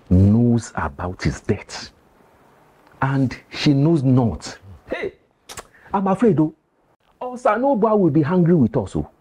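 An actor playing a grave, cautious male village elder with a Nigerian accent, who pleads slowly and speaks in proverbs. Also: medium pitch, mellow, breathy edge, full character voice.

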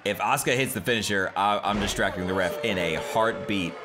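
A man commentating his own wrestling video game playthrough, joking, shouting at the screen and laughing. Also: fairly low pitch, fairly quick, noisy background. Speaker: gameplay commentator. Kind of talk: excited gameplay commentary.

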